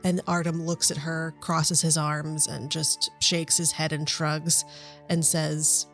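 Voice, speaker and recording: A woman running a tabletop role-playing game as game master, narrating in a relaxed, chatty way with giggles. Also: sits low, takes it slowly, soft background music.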